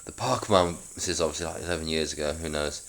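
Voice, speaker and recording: A man's voice: extremely low pitch, fast talker, a bit bright. A man casually reading through his old sitcom script, with self-mocking asides.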